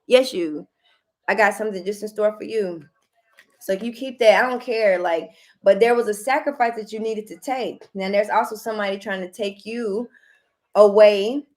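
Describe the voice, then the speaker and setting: A woman talks through a tarot reading in a loose, chatty way. She keeps circling back to the same stock phrases and now and then lifts into bright bursts of excitement. Her voice sits at an ordinary middle pitch. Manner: chatty, repeats "heavy emphasis" and "okay", bursts of excitement. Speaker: tarot reader. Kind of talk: casual tarot reading to camera.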